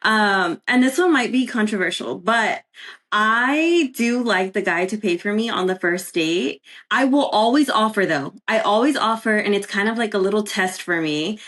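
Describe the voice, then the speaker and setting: A woman's voice: medium pitch, expressive, moderate pace, fairly bright tone. A woman with a Texan accent, a guest on a podcast, talking casually with many "um"s and "like"s. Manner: chatty, many fillers like "um" and "like". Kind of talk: casual chat.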